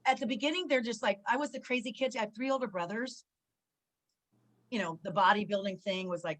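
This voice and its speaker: With a mid-range voice at normal speed and frequent pauses, a woman in her forties from Southern California, an ex-wrestler, guests on a casual interview. She's an animated storyteller, acting out quoted dialogue and using many fillers, though the recording is low quality.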